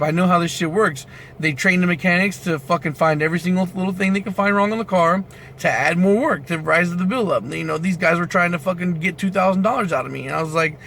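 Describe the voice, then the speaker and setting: Profane, heated man with a high-set voice. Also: pushed and bright, slight background noise. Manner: profane, heated storytelling with frequent restarts. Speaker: mechanic. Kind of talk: ranting vlog story.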